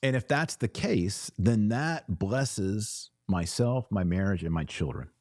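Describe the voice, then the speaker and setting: Low, dark-voiced man hosting a livestream. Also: animated, slow, dry recording, clean studio sound. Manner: earnest, emphatic, repeats phrases. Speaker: host reading super chats. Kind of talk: livestream commentary.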